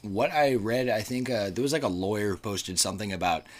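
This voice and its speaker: A man's voice: fairly low pitch, brisk. A young man hosting a podcast, chatting casually and reading news articles aloud with asides. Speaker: podcast host.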